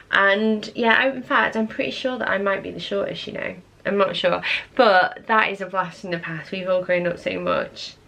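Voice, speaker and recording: Chatty woman vlogger with a gravelly edge. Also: medium pitch, fairly bright tone. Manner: chatty and nostalgic, lots of "like" and "oh my gosh". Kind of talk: casual chat to camera.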